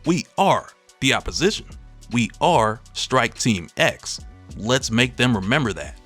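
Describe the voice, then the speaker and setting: Tough woman team leader, read by a male narrator, clipped orders, lively pitch. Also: measured pace, soft background music. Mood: commanding. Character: tough female strike-team commander.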